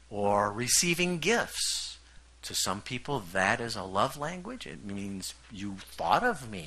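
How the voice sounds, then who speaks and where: A man's voice: on the low side, pushed and bright. A middle-aged male pastor giving a conversational sermon, often checking in with the congregation.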